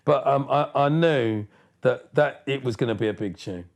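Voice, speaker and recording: A man in his fifties talks with a gravelly, fry-edged voice at an everyday pitch. He is animated and slangy, stumbling over repeated words as he speaks. The feel is a laid-back interview chat. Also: moderate pace. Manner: street slang. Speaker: DJ and producer, interview guest.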